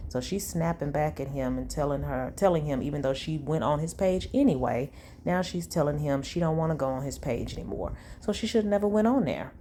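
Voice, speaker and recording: Low-voiced woman reading texts with commentary. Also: animated, brisk, warm tone, slight background noise. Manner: sassy, blunt asides; conversational. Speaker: commentary channel host.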